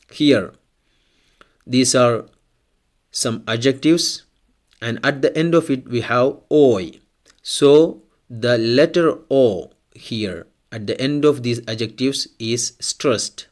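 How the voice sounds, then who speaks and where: In an unhurried language lesson, a man with a mid-pitched voice walks the learner through each point step by step. He speaks slowly and deliberately, saying every example word twice.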